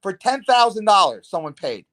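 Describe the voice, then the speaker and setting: A man's voice: high voice, big pitch swings, moderate pace, a loud crowd. A man in his fifties hosting a podcast over a video call, talking in a rambling, enthusiastic way that jumps between topics. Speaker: podcast host. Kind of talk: casual video-call chat.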